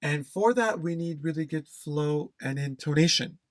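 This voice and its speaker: A man's voice: fairly high pitch, moderate pace, dry recording. A man teaching an exam-prep lesson, stressing key phrases, repeating them and checking in with "okay?". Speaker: English test instructor.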